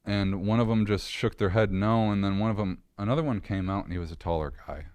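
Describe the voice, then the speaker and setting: A man's voice: lowish voice, brisk, darkish tone, no room sound. A man as a podcast guest, earnestly and candidly recounting a personal story in a casual interview.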